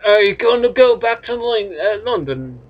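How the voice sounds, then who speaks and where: A man's voice: sits high, sing-song, moderate pace. A man commenting on a game he is playing, joking and crude in laid-back asides. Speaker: let's play host. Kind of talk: gameplay commentary. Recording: dull lo-fi mic with game music.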